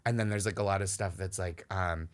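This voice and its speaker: A man from the Boston area, a comedian guest, chatting casually and laughing easily. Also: deep voice. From Boston area, USA. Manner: joking, animated, quick to laugh. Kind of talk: casual podcast chat.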